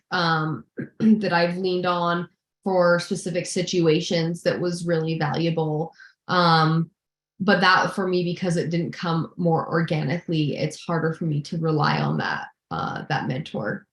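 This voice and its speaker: A woman executive answering questions as a guest in a live video Q&A, candid and self-deprecating, often restarting her sentences. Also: fairly low pitch. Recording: roomy echo.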